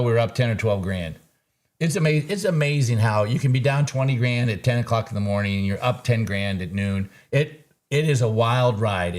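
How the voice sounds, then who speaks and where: A man's voice: mid-range voice, darkish tone. A man hosting a live market recap, talking casually, laughing easily and throwing in folksy sayings. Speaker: trader and show host.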